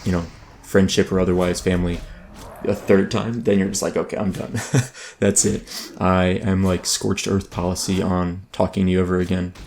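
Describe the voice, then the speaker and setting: A man's voice: low-pitched, flat delivery, moderate pace, a little hiss or hum. A man casually narrating while playing an online game, rambling with frequent ums and restarts. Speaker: gaming YouTuber. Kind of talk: casual let's play commentary. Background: soft background music.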